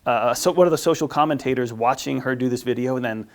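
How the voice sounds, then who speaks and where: A man's voice: medium pitch, fast. A man giving a marriage class as a priest, talking informally with lots of fillers and restarts and acting out the voices he quotes. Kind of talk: informal teaching talk.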